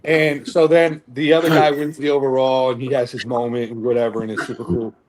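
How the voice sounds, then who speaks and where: A man's voice: mid-range voice, flat delivery, brisk. A young man on a podcast telling a long story in a casual, rambling way, with lots of fillers and swearing. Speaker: podcast co-host, bodybuilder. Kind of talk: casual chat.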